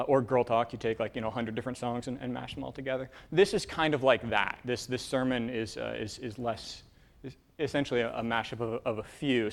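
A man preaching a casual sermon, talking in halting bursts full of fillers and restarts. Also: mid-range voice. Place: church with a room of divinity students.

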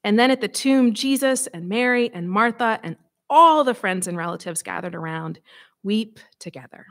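A woman preaches a sermon after reading scripture aloud. Her voice sits at a middle pitch, and her delivery stays conversational, with dramatic emphasis. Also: expressive, normal speed.

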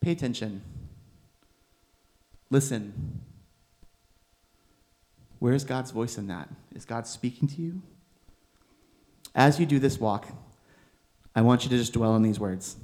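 A young man preaching a sermon in a gentle, conversational way, with bursts of emphatic exasperation. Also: mid-range voice, slow, pauses often. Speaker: preacher, seminary student.

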